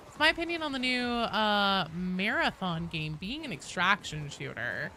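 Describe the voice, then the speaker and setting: A woman in her thirties streams a game and chats casually with her viewers, joking and answering their questions. Her voice is bright and lively, and now and then she breaks into loud, sweary outbursts. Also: medium pitch, normal speed, hardly any pauses, slight background noise.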